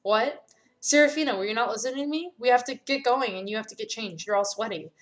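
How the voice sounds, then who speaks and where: A woman's voice: a little high, fast, natural voice. A woman voicing a stern but caring young female team captain, earnest and pleading, close to her own voice. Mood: bossy.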